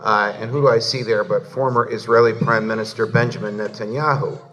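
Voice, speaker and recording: A man's voice: fairly low pitch, steady tone, brisk, sharp tone, far from the mic. A man from New Jersey giving a humorous storytelling speech to a live audience in an event hall, leading each anecdote to a punchline. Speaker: keynote speaker.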